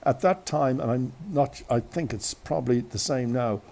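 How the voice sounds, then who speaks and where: Gravelly Irish man telling a rambling story. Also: medium pitch, normal speed, darkish tone. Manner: chatty, digressive, many restarts and asides. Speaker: radio host. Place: outdoors on a windy day. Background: wind.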